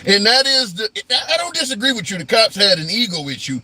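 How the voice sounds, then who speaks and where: A man's voice: high-pitched, very animated, fast, bright, forceful tone. A man hosting a live call-in talk stream from a phone, talking through opinions conversationally with restarts. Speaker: talk show host. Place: car.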